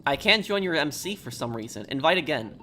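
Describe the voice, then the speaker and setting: A man streaming a video game, chatting casually with viewers in a relaxed, halting way. He sounds a little tired. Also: fairly high pitch, a little hiss or hum. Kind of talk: live stream chat, answering viewers.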